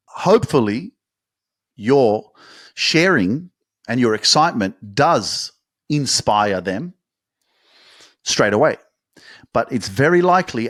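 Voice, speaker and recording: A man giving a motivational monologue in an animated, casual way, acting out excited quotes and swearing now and then. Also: medium pitch, no echo, studio quality. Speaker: motivational speaker.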